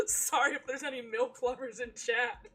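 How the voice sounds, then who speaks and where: A woman's voice: a little high, bright, forceful tone, a little hiss or hum. A woman streaming a visual novel, joking, swearing and laughing often as she reacts. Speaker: game streamer.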